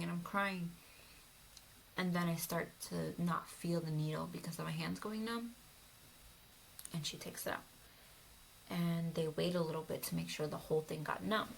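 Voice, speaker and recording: A woman's voice: on the low side, creaky, slight background noise, low-quality recording. A young woman telling a personal story in a vlog, emotional and often dropping to a whisper. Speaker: vlogger.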